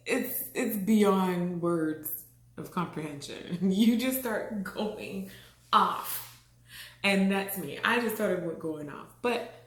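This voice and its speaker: Frank, low-voiced Caribbean woman storyteller. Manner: frank and expressive, laughs often, acts out what people said. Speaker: vlogger. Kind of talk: candid personal storytelling. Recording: echoey room.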